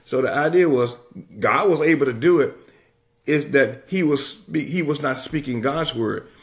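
A man preaching a sermon with an emphatic, repetitive cadence and drawn-out declarations. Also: medium pitch.

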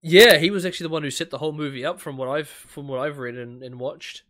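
A man's voice: fairly high pitch, quick pace, fairly bright tone. A man with a New Zealand accent chatting casually as a podcast co-host, rambling and laughing as he talks. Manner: rambling, laughing, restarts sentences often. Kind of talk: casual chat.

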